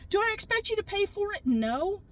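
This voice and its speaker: A woman's voice: extremely high pitch, sing-song, fairly quick, poor audio. A woman casually telling a story about her day, chatty and exasperated, swearing now and then.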